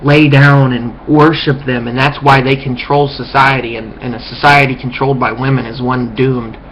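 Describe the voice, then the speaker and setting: A man's voice: mid-range voice, little pitch movement, moderate pace. A man in a rambling, contemptuous rant to camera, full of restarts and swearing. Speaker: vlogger. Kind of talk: ranting monologue. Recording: dull lo-fi recording with faint hiss.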